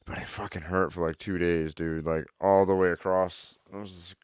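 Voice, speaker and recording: A man's voice: deep voice, little pitch movement, normal speed. A man in a casual chat, telling stories animatedly with lots of "like" and swearing.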